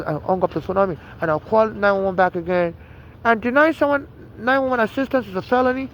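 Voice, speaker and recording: A man's voice: high-pitched, fast talker. A man with a Nigerian accent telling a long story in an agitated, rambling way, full of restarts and "you know". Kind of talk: casual storytelling monologue. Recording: dull lo-fi outdoor recording with traffic.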